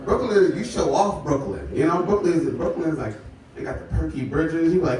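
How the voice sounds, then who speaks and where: A man's voice: on the high side, big pitch swings, brisk, over a noisy crowd. A man doing a stand-up set at a live comedy show, conversational and laughing through his jokes. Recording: echoey room from far off, loud noise.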